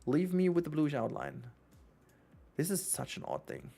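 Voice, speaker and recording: A man's voice: fairly high pitch, expressive, normal speed, vocal fry, warm tone, breathy edge, soft background music. A man from Germany with a German accent, chatting casually and rambling on a gaming livestream, often correcting himself and laughing. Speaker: streamer.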